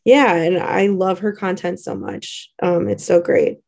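A woman's voice: on the low side, big pitch swings, unhurried, gravelly, a little mellow. A woman co-hosting a podcast in casual chat, talkative, with lots of fillers and easy laughs. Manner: chatty, laughs often, many fillers. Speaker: podcast co-host.

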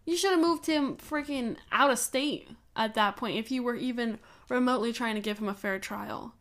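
This young woman co-hosts a true-crime podcast, and her voice sits on the high side with a slightly bright quality at a normal pace. She chats casually, shares strong opinions, laughs a lot, and swears.

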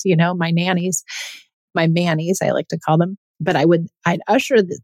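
A woman's voice: lowish voice, a little mellow, no room sound. A woman in her thirties, a mother, speaking candidly and reflectively in a personal monologue. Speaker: mother telling her parenting story.

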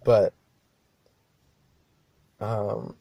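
A man's voice: fairly low pitch, animated, extremely slow, creaky, dark tone, no room sound. A young man hosting a show alone, rambling casually, swearing often and laughing at himself. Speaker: podcast host. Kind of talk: casual monologue.

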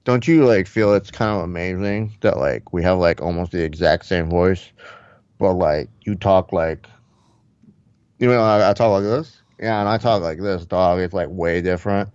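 Brief: man impersonating a foul-mouthed, slangy fighter bro, low voice, muffled dry recording. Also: normal speed, darkish tone, smooth, no room sound, close to an everyday voice. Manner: slurred slang, swears constantly, calls everyone dog.

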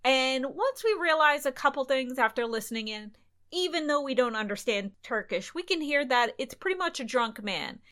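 A young adult woman co-hosting a travel podcast, with a bright voice that sits a bit high. She tells her stories casually and animatedly, slipping in quoted dialogue. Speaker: podcast co-host.

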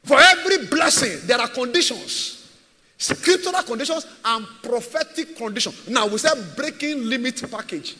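High-voiced man preaching in a hall. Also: expressive, moderate pace, bright, forceful tone. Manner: emphatic, repetitive preaching with rhetorical questions. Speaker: pastor. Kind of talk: sermon. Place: church.

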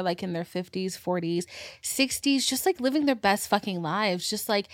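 A woman in her twenties from the Caribbean, hosting a podcast and telling stories in a casual, animated way, dipping into whispers and high squeals. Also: no room sound, clean studio sound. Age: 20s. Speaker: podcast host. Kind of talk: casual storytelling monologue.

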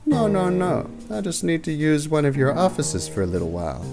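A man voicing a slick, smug male federal agent who talks slowly and dismissively. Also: a little high, wildly swooping pitch, over music, voice pushed up.

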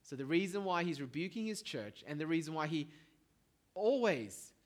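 A middle-aged man delivering a sermon with a fairly high voice. He preaches in a relaxed, conversational way and tells stories with little asides to the people listening. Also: moderate pace. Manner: conversational, animated storytelling with asides to the congregation. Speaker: pastor.

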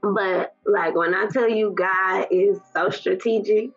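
A woman's voice: mid-range voice, steady tone, slow. A woman telling a personal story in a casual interview, chatty and emotional, with lots of fillers. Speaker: guest. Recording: muffled lo-fi audio with faint music.

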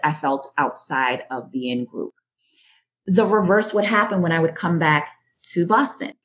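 Low-voiced reflective woman from Jamaica. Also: a bit bright. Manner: thoughtful, measured storytelling. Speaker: guest. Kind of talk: reflective interview answer.

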